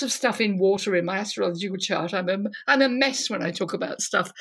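A woman, an author and vicar, telling personal stories with lively emotion in an interview. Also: medium pitch, fairly quick, few pauses, breathy edge. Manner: animated, emotional storytelling. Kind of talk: interview conversation. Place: Devon, England.

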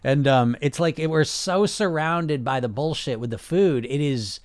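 A man's voice: a little high, moderate pace, no echo, clean studio sound. A man hosting a casual podcast, talking bluntly and passionately, swearing often and restarting his sentences. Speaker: podcast host and weight loss coach. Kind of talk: casual unscripted podcast talk.

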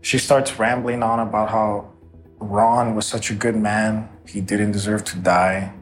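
A man telling an interviewer about a violent night in a halting way, often repeating his words. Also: fairly low pitch, level tone, soft background music. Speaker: interview guest. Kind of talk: personal account in an interview.

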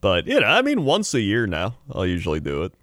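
A man's voice: on the low side, huge pitch swings, brisk, fairly bright tone, dry recording, studio quality. A young man in casual chat who laughs a lot and slips into silly impressions.

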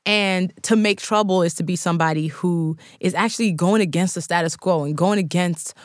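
Animated woman author telling stories. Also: fairly low pitch, moderate pace, no room sound, clean studio sound. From Nigeria. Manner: lively storyteller, acts out quoted voices. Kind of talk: interview.

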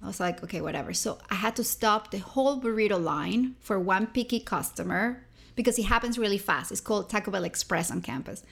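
A young woman from Venezuela tells a personal story as an interview guest. Her voice has a gravelly fry, and she talks in a lively way, popping into little voices for the people she quotes. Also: medium pitch, fairly quick. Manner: animated, acts out quoted people.

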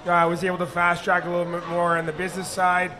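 A middle-aged man and former hockey player, speaking with a raspy voice, answering questions casually at a live bar event. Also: sits high, fast. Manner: relaxed, rambling with fillers.

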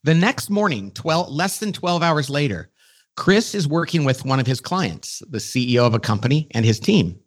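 A middle-aged man as a podcast guest, telling a story with quick, enthusiastic energy. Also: a little high, big pitch swings. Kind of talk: casual conversation.

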